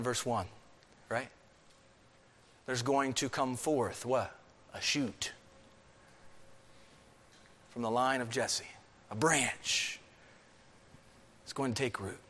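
A man preaching a sermon, swinging between emphatic, raised peaks and low, quiet stretches. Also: lively intonation, takes it slowly, pauses often. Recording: long hall reverb.

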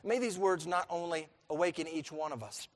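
A man's voice: on the high side, a little fast, in a large hall. A male pastor preaching an emphatic sermon, asking the congregation questions and letting them call out answers. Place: church sanctuary.

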